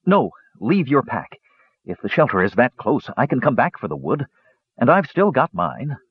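A man's voice: mid-range voice, very animated, moderate pace, breathy edge, no room sound, phone-quality sound, pitched above the performer's own voice. A man voicing a weary grown man, a practical leader who speaks in plain, level words. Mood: resolute.

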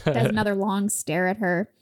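A woman's voice: medium pitch, measured pace. A woman in casual chat, animatedly retelling a movie's plot and acting out the characters' lines.

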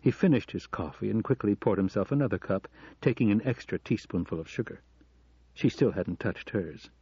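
Male audiobook narrator, measured and steady, mellow tone, dry close mic. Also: fairly low pitch, breathy edge, no echo, highs cut off. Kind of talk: scripted narration.

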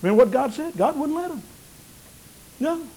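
Pastor, man, very high voice, preacherly swells and hushes. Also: lively intonation, normal speed, poor audio. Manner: preacherly, rising to emphatic peaks then dropping low and quiet. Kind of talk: sermon.

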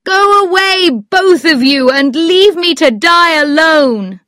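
A woman's voice: high-pitched, expressive, takes it slowly, bright, forceful tone, no echo, clean studio sound, pitched above the performer's own voice, heavily acted. A woman voicing a sick, despairing man who begs to be left alone in a read-aloud story.

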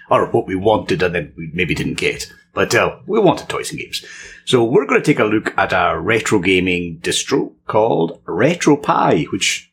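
A low-voiced man co-hosting a chatty podcast, his pitch swooping widely up and down. He sounds playful and eager, with a faint hum in the background. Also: fairly bright tone. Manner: playful, enthusiastic. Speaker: podcast co-host. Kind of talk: casual chat.

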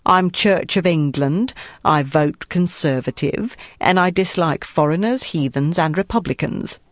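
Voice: medium pitch, unhurried, no echo, lightly acted. A narrator voicing a brash, haughty woman with a Cockney accent polished by elocution lessons. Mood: arch, haughty. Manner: arch and haughty.

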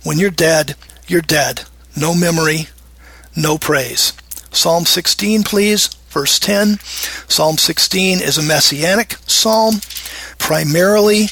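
A man's voice: on the high side, a bit bright, breathy edge, no echo. A middle-aged man teaching from the Bible in a sermon, emphatic, acting out prayers in a raised, pleading voice.

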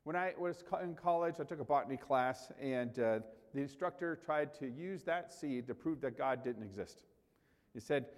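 A man's voice: mid-range voice, normal speed. Man preaching in a reverberant hall. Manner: conversational preaching with pointed rises in emphasis. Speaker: pastor. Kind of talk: sermon.

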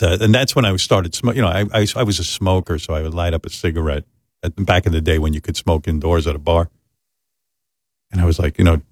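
A man hosting a talk show, telling a self-deprecating comic story in animated casual chat and jumping into quoted voices. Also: deep voice, no room sound, studio quality. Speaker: host.

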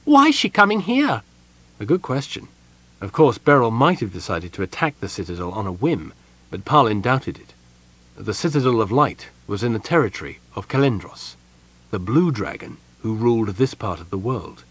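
Male fantasy audiobook narrator, husky tone, animated pitch, storytelling read. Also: normal speed, rough recording. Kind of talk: scripted narration.

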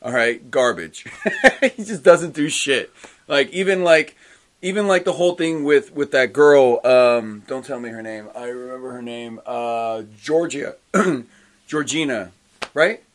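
A man's voice: medium pitch, unhurried, slight background noise. A man co-hosting a casual chat about comics, rambling and hesitant, acting out characters' lines as he recounts scenes. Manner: rambling, hesitant, acts out quotes. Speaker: podcast co-host discussing comics.

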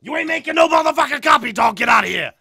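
A man putting on a hotheaded, foul-mouthed office worker who yells and curses at a coworker. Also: extremely high pitch, lively intonation, very fast, creaky, pitched above the performer's own voice, exaggerated voice. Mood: angry yelling. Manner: yelling, cursing, aggressive.

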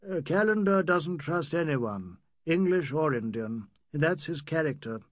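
A male narrator voices a composed Englishman in an audiobook, speaking in an understated, measured way. The voice is husky and sits a little high, and it is recorded dry and close. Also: big pitch swings, no echo. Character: composed middle-aged Englishman, reserved and fair.

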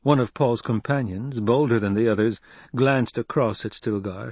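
Man, audiobook narration, husky, dry recording, measured. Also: mid-range voice, a little mellow, dry recording.

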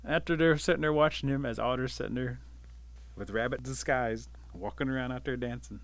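A man telling a folk tale aloud in a relaxed, unhurried way. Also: medium pitch. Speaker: storyteller. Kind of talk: oral folk-tale narration.

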